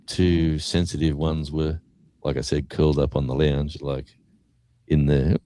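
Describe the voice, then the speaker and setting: A man's voice: extremely low pitch, moderate pace, no echo. An Australian man, a guest musician, telling a story in casual chat and acting out what people said. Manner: animated storyteller acting out quotes.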